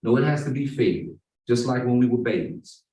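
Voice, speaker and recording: A man's voice: medium pitch, animated, dark tone. A man delivers a Friday sermon in a mosque prayer hall, stretching out the words he wants to land. His voice rings with roomy echo and sounds set back from the microphone. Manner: emphatic, slow and drawn-out on key words. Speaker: imam. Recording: roomy echo, far from the mic.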